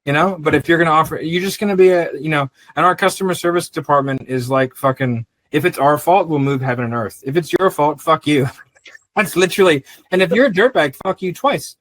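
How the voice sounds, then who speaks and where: A middle-aged man, a business owner, chatting casually on a podcast in a blunt, profane, animated storytelling way. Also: on the high side, fairly quick, no room sound, rough recording.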